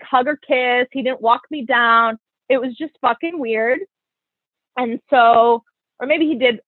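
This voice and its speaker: A young woman hosting a casual chat, telling a story in an animated, profane way and acting out what others said. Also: high voice, no echo. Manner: animated, profane, quotes people in her stories. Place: New York. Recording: tinny phone-like audio.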